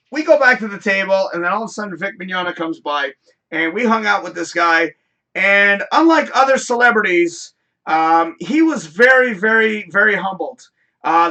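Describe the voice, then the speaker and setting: Male host, high bright voice, loose rambling anecdote with cursing. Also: creaky. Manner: rambling, animated, swears freely. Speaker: show host. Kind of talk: casual storytelling on a live show.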